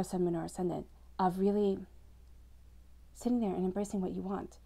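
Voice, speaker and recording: A woman talks the listener through a tarot spread in a calm, reassuring flow. Her voice is dark and slightly gravelly, and her pitch stays fairly level throughout. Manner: flowing, reassuring, addresses listener directly. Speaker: tarot reader. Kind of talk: scripted-free spoken tarot reading to camera.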